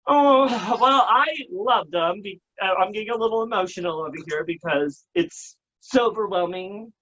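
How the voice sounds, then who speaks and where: A man's voice: high voice, moderate pace, bright, forceful tone. A man in his thirties with an American accent speaks as a drag queen on a casual talk show. He swings between crude campy jokes and heartfelt thanks, and the recording sounds dull and lo-fi. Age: 30s. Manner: campy, emotional, crude joking. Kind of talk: casual interview chat.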